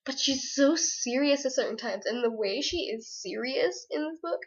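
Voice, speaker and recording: A young woman chats through a casual book review, gushing and giggling as she goes. Her voice sits a little high. The recording is dull and lo-fi, like a basic webcam mic. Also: expressive, moderate pace.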